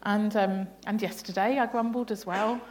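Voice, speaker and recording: With fairly even intonation and a darkish tone, a woman speaks at medium pitch and normal speed over slight background noise. She's a bible study leader guiding a family sermon at church, laughing playfully while questioning the congregation.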